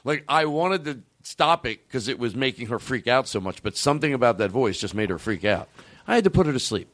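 A man's voice: mid-range voice, animated, a little fast, fairly bright tone. A man hosting a show in casual chat, rambling, cutting himself off and swearing freely. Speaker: podcast host.

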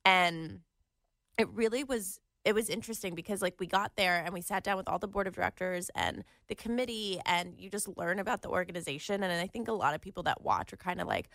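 A woman's voice: fairly low pitch, fairly quick, gravelly, a bit bright, no echo, clean studio sound. A woman co-hosting a casual chat while sick with a sore throat and a cold, talking in a rambling way full of fillers. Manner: chatty, rambling, lots of "like" fillers. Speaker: podcast co-host.

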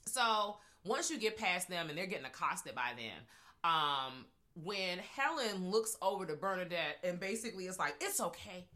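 A woman co-hosting a podcast, chatting casually and profanely about a horror film, cackling and animated. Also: fairly low pitch, moderate pace. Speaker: podcast co-host. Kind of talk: casual chat.

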